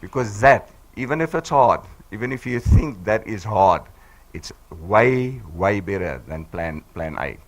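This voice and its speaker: A man in his sixties with a husky voice, hoarse from flu, giving an emphatic, encouraging motivational speech to a live audience on a handheld mic. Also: fairly low pitch, lively intonation, unhurried. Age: 60s. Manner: emphatic, encouraging, repeats for effect. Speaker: business team speaker. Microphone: handheld microphone.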